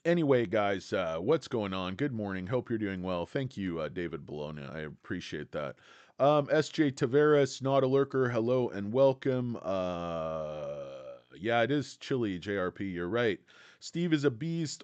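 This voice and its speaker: A man's voice: mid-range voice, expressive, a little slow, darkish tone, smooth, no echo. A man hosting a casual stock livestream, talking bluntly and joking with chat viewers between points. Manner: blunt, brash, jokey, greets chat viewers. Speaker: livestream host.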